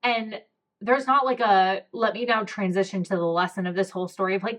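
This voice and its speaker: A young woman talks through a heartfelt personal story on her podcast. Her voice sits at an ordinary middle pitch, and she speaks candidly with lots of "like" and "um" as her emotion rises near tears. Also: fairly quick, fairly bright tone. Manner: emotional, candid, many fillers like "like" and "um". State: close to tears. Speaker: podcast host.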